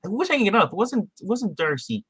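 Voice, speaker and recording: Man, podcast co-host, high bright voice, rambling recap with restarts, dry sound. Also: big pitch swings, fast talker, husky, no echo. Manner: rambling, many restarts and acted-out quotes. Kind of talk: casual TV episode recap chat.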